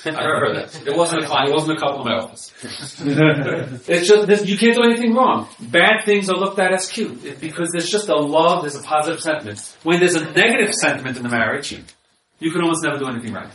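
A man's voice: on the high side, animated, a little fast, a bit bright, slight background noise. A man counseling on marriage in a conversational lecture, often repeating words as he restarts and acting out bits of example dialogue. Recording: echoey room, mic at a distance.

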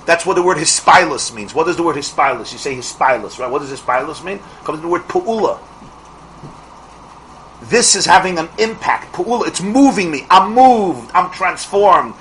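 Animated, forceful male rabbi teaching. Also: on the high side, slight background noise, poor audio. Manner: animated, with rhetorical questions and quick restarts. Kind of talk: Torah class lecture.

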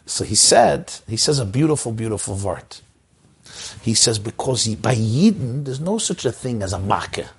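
A man who is a rabbi, giving an inspirational Torah talk to community leaders with an impassioned delivery that leaps up in pitch for emphasis. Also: very animated, normal speed, creaky, husky.

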